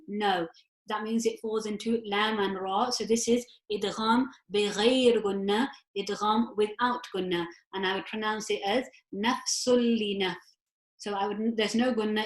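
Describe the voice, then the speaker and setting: A woman teaching recitation in an online class, her voice at an ordinary middle pitch. She walks patiently through each rule and chants short verses slowly. The sound comes through a video call from an echoey room.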